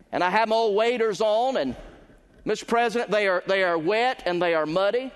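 Male pastor, emphatic pulpit delivery that climbs at climaxes and lingers on key words; high pitch, ringing hall. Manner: emphatic preaching, swelling louder and higher at climaxes, slowing on key words. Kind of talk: sermon. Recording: long reverb of a large hall.

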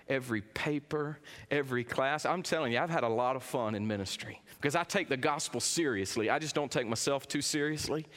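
A middle-aged man preaching a sermon, swinging between quiet, low lines and raised, emphatic ones. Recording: long reverb of a big hall.

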